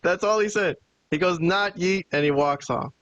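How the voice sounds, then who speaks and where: A man's voice: a little high, moderate pace, muffled recording. A man hosting a podcast, casually recapping a wrestling show and acting out the quoted lines as he tells it. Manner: animated retelling with quoted dialogue. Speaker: podcast host.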